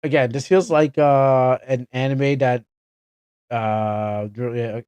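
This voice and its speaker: A man's voice: medium pitch, steady tone, slow, darkish tone, clean tone, dry recording. A young Canadian man chatting casually on a game livestream, rambling and correcting himself with chuckling asides. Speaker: streamer.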